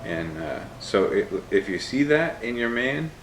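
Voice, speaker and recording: A young man, a YouTube creator on a couch at home, chatting casually with his wife and telling an animated story. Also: medium pitch, a little slow. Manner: rambling storyteller, animated when retelling. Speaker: YouTuber, co-host. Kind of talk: casual couple Q&A chat. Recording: echoey room, faint background hiss.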